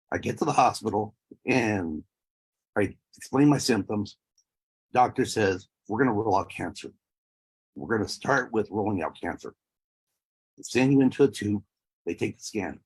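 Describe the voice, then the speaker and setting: A man in his thirties or forties shares an emotional personal testimony, his voice breaking at times. He speaks on the low side with a breathy edge.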